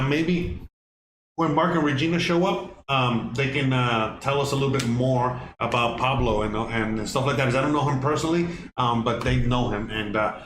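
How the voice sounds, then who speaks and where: A man hosting a casual cooking livestream from his home kitchen, rambling with lots of fillers and restarts. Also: fairly high pitch. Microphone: microphone on kitchen counter setup. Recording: echoey kitchen with background noise.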